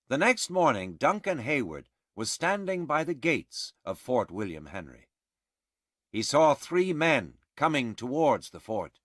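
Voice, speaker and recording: A man reading a storybook aloud in a slow, clear and expressive narration. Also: medium pitch, no echo, studio quality. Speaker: audiobook reader.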